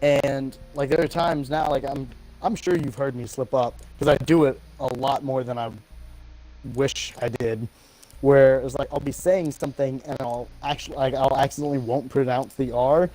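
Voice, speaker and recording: A man talking casually while he plays a game live, at a middle pitch. He rambles in a relaxed way and curses freely whenever the match goes badly. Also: normal speed, slight background noise. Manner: chatty, swears freely at the game. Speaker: streamer. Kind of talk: casual chat while gaming.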